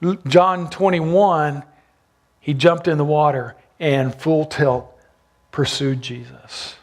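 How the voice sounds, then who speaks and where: A man's voice: a little high, steady tone, slow pace. A man preaching a sermon as pastor, retelling a gospel story and asking his listeners questions. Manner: storytelling, asks the congregation questions.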